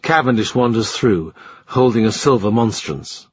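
A man narrating a historical novel in a measured, literary reading style. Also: lowish voice, breathy edge. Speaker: audiobook narrator. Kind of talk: scripted narration. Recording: slightly muffled dry recording.

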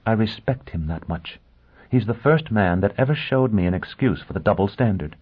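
A proud, bitter young woman with a cutting, scornful tongue, as a male audiobook reader plays her. The voice sits very deep and sounds husky. It comes through thin and tinny, like a phone line. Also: lively intonation, normal speed. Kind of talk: audiobook character voice.

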